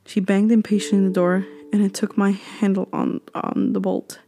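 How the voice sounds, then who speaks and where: A woman reading a horror story aloud, slow and hushed, sometimes dropping to a whisper. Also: medium pitch, level tone, gravelly.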